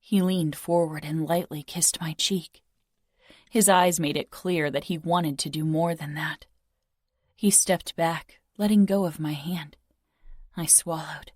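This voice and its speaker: A young woman narrating a romance audiobook in first person, soft, intimate and measured. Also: low-pitched, fairly even intonation, no echo, clean studio sound.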